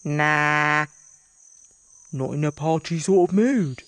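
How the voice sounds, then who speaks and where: A woman voicing a grumpy young bear in a storybook reading, in a gruff, grumbling manner. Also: low-pitched, takes it slowly, a bit bright, no echo, pitched below the performer's own voice.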